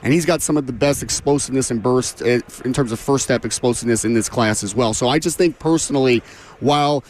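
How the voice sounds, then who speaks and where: Fast-talking man, a bit hoarse. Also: medium pitch, a little mellow, a little hiss or hum. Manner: fast, thinking aloud, frequent self-corrections. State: losing his voice a little. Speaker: draft analyst guest. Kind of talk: radio sports interview.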